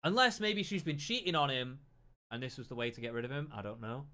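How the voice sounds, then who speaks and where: A man's voice: mid-range voice, quick pace, pushed and bright. A man giving casual reaction commentary, thinking aloud, repeating himself and swearing freely.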